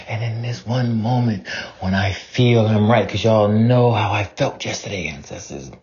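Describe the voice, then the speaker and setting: A man's voice: fairly low pitch, highs cut off. A man giving an emotional, profane confessional monologue, near tears, laughing through his distress and dropping to whispers between outbursts.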